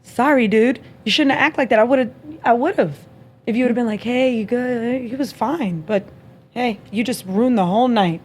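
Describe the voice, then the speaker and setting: Her voice is on the high side and husky, moving at a normal speed. This young podcast host chats casually, telling a story where she plays both parts, with frequent laughs.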